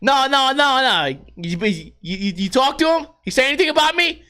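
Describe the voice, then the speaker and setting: A brash, gossipy older coworker with a Jersey accent, as a man puts him on, calling out loudly from behind a counter. His voice sits higher than the man's own and is lively and bright. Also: normal speed, clear, resonant tone, exaggerated voice. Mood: brash gossip. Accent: New Jersey.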